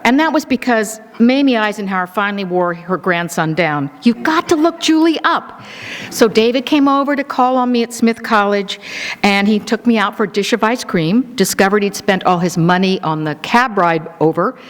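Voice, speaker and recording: A woman in her sixties giving a public talk and telling personal stories in a warm, sentimental, gently humorous way. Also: medium pitch. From United States. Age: 60s. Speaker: speaker presenting a book. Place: event hall. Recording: live talk in a reverberant hall.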